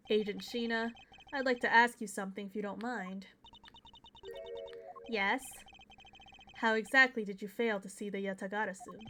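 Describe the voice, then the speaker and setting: A woman's voice: mid-range voice, bright, forceful tone, slight background noise, close to an everyday voice. A woman reading the lines of a polite, precise male prosecutor from a game, in close to her own voice.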